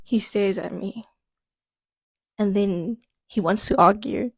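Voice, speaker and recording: A young woman tells her story to camera in a dry, sardonic tone, dropping a wry catchphrase between beats. Her voice has a gravelly rasp at mid pitch. The sound is close and dry, with no room echo. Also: takes it slowly. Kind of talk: storytime vlog.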